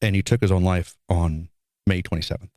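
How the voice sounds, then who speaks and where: Middle-aged man, very low voice, measured and thoughtful, dry podcast mic. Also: fairly even intonation, warm tone, no echo. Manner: thoughtful, measured, builds ideas slowly. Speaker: podcast co-host. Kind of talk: casual podcast conversation.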